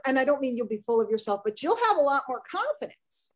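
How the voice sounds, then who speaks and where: Chatty animated woman business coach. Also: high-pitched, quick pace, few pauses, poor audio. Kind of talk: live online training.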